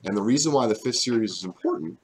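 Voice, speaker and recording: Chatty man with a deep, cold-roughened voice. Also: animated, fast, darkish tone, a little hiss or hum. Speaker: card break co-host. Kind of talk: casual live-stream chat.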